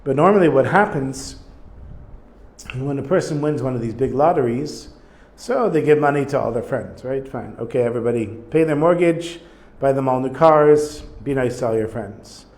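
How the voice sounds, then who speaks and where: A man's voice: mid-range voice, normal speed, darkish tone. Man explaining a Hebrew text, thinking aloud. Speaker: Torah teacher. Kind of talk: casual text study lesson.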